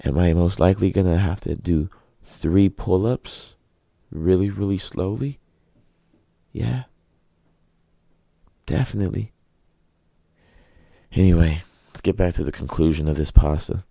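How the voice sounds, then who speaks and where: Super deep gravelly guy ranting on his podcast, sarcastic, asks himself stuff and answers it. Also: unhurried, pauses often, warm tone, no echo, studio quality. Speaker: podcast host. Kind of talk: casual ranting monologue.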